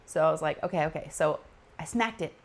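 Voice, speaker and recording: A middle-aged woman chats casually at her craft table, telling a story in an animated way and acting out the people in it. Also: low-pitched, fast talker, creaky. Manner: animated, laughing, acts out quoted voices. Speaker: diamond painting channel host.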